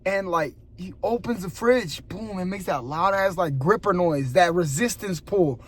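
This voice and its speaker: A young man with a high, light voice tells a long story straight to his camera in casual slang. He gets animated and laughs often, then drops to a hushed voice to build suspense. It is recorded on a phone or camera mic at night in a gym parking lot. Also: measured pace. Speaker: vlogger.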